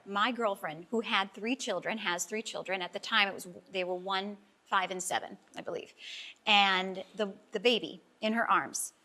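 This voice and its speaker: A woman's voice: mid-range voice, bright, forceful tone. A middle-aged woman, a life coach guest, telling an emotional personal story in a talk-show interview, earnest and heartfelt and close to tears at times.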